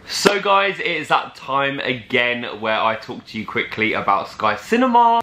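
A young man, vlogging in an excitable, chatty way as he talks to the camera. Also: mid-range voice, echoey room. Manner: excitable, chatty, lots of "like" and "oh my God". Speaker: travel vlogger. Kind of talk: casual vlog chat to camera.

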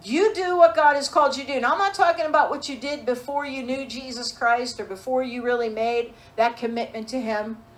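A woman preaching a sermon with a high, bright-pitched voice. She delivers it emphatically, with pointed rhetorical questions to her listeners. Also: a little fast, few pauses, a little hiss or hum, poor audio. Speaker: pastor.

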